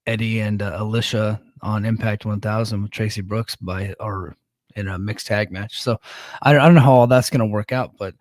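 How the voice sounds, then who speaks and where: A man's voice: lowish voice, fairly even intonation, normal speed, a little mellow, dry recording. Rambling man hosting a wrestling podcast. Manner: rambling and self-correcting, with many ums and restarts. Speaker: podcast host. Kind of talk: casual wrestling recap chat.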